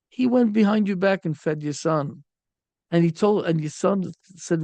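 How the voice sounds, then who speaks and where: A man's voice: high voice, moderate pace, gravelly, dry recording. A man, a rabbi, giving a Torah lecture, telling stories and acting out the people in them. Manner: animated storytelling, acts out quoted speakers.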